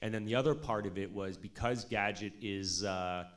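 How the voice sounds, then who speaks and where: A man in his thirties telling a casual, animated story about his studio years, peppered with swearing and "like" and "you know". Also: lowish voice, moderate pace. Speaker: music producer speaking at an industry showcase.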